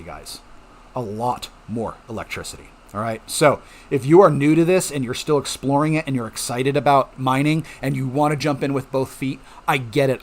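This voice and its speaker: A middle-aged man hosting a home mining channel, talking casually and reassuringly to viewers and checking in with them often. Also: mid-range voice. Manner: chatty, reassuring, frequent "okay?" check-ins. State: coughing at times. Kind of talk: casual explanatory talk to viewers.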